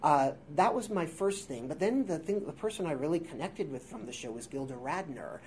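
A man in his forties with a high-pitched voice, a guest improviser telling rambling, self-deprecating stories in a casual interview before a live audience. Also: lively intonation, brisk, a little hiss or hum. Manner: rambling, self-deprecating, with filler words and restarts. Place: theater workshop space before a live audience.

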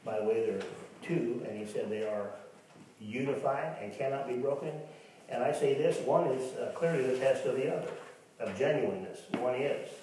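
A male pastor preaches in a folksy, conversational way, mixing personal stories with scripture and asides to the congregation. His voice sits at an ordinary pitch and rings through a very echoey church hall. The mic is set some distance from him, and a faint room hiss runs underneath. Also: warm tone. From Kansas, USA. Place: church sanctuary.

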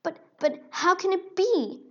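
A woman voicing a frightened male mouse guard in a storybook, squeaky and panicky. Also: very animated, drawn-out words, dark tone, exaggerated voice. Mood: startled. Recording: dull lo-fi recording.

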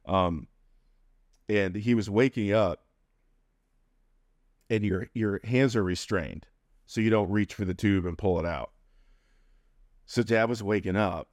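A man telling a personal story as an interview guest, animated and acting out the people in it. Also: low voice, no echo, clean studio sound. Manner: animated, acts out quoted voices.

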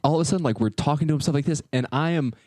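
A man's voice: fairly high pitch, racing, darkish tone, no room sound, clean studio sound. A man co-hosting a podcast, telling a running story in casual chat with lots of fillers. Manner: storytelling with quoted voices, frequent fillers. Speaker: podcast co-host.

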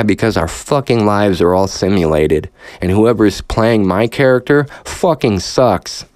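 A man's voice: on the low side, unhurried, hardly any pauses, darkish tone, no echo, clean studio sound. A man hosting a podcast, ranting sarcastically with heavy swearing and audible frustration. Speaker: podcast host. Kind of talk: profane rant.

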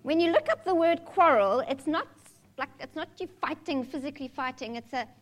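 A woman's voice: high voice, brisk. A woman preaching a sermon in a candid, conversational way, mixing humor with scripture.

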